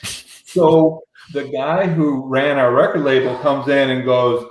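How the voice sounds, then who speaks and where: Slow and steady, a man with a medium-pitched voice, a musician appearing as a radio guest, tells a lengthy anecdote casually, restarting and acting out what others said. The recording is reverberant and low in quality.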